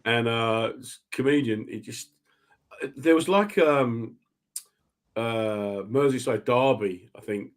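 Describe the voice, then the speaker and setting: A man's voice: medium pitch, takes it slowly. Chatty man hosting, laughing often. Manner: animated anecdote teller, laughs often. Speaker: radio host. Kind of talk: casual chat.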